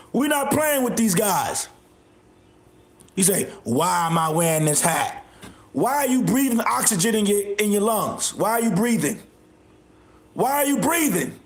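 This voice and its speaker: A man hosting a livestream, ranting at his chat in a loud, confrontational, repetitive way. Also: high voice, expressive, measured pace, pauses often, roomy sound, a little hiss or hum. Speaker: livestream host. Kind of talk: live stream rant reacting to chat.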